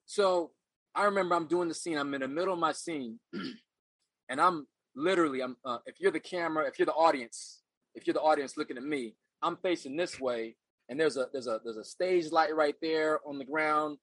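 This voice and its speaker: A man's voice: a little high, brisk, fairly bright tone, no echo, poor audio. A middle-aged man, a podcast guest, telling his life story in an earnest, reflective way, often repeating phrases as he searches for words. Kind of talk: casual interview storytelling.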